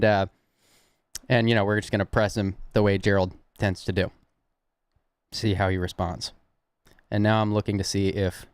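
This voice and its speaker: Hosting a prank-call livestream, a young Southern American man with a Southern accent chats casually with his viewers, rambling and chuckling along. His lowish voice is smooth, and the recording is dry.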